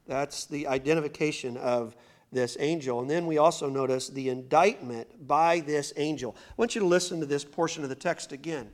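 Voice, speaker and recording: A man's voice: a little high, steady tone, moderate pace. A male pastor preaching a sermon in a church, building to emphatic bursts and speaking straight to the congregation. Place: church sanctuary.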